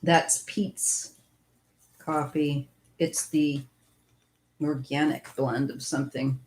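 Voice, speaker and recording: A woman's voice: low voice, steady tone, takes it slowly, darkish tone, slight background noise. A woman giving a casual live-stream tarot reading, musing and thinking aloud as she goes. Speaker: tarot reader.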